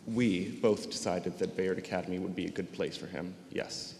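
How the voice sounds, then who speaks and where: A teenage boy testifying as a witness in a mock trial, giving measured, guarded answers. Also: low-pitched, fairly even intonation, creaky, darkish tone. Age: teens. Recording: echoey hall, long reverb, faint hiss.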